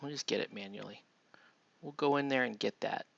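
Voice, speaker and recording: A man with a gravelly, creaky voice chats casually on a live stream as he paints, murmuring half to himself and talking to viewers between brushstrokes. The audio is dry and close, with a dull, lo-fi tone. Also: medium pitch, fairly quick, fairly bright tone, no echo.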